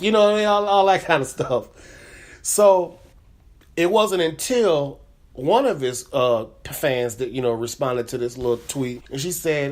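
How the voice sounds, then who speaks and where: A man with a slightly high, animated voice talks at a moderate pace. He's the host of his own comedy podcast, telling a story in a casual, rambling way with many fillers and repeated words.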